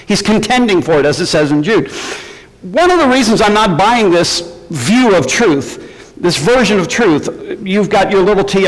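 Animated male preacher in a reverberant hall. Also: high-pitched. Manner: animated, emphatic, rhetorical questions. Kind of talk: sermon.

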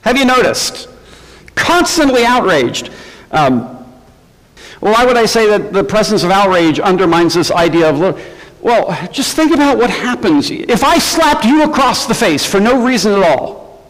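Animated male preacher in a reverberant hall. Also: high-pitched, moderate pace. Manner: animated, emphatic, rhetorical questions. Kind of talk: sermon.

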